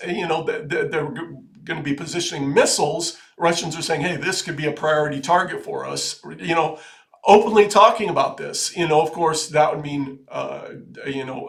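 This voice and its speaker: A man hosting a video, giving casual political commentary in an earnest, halting way with many restarts that turns emphatic. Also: a little high, fairly bright tone. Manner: grows emphatic and urgent. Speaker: video host.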